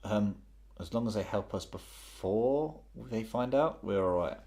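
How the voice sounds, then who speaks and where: A man at a tabletop game speaking in a very deep voice. He is hesitant and dry, pausing with ums. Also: lively intonation, warm tone. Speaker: player. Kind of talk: casual game talk.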